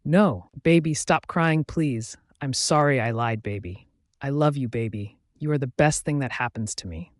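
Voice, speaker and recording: A man's voice: mid-range voice, normal speed, no room sound, clean studio sound, lightly acted. A man voicing an anguished werewolf alpha. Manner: anguished, pleading, emotional outbursts. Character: tormented young male werewolf alpha.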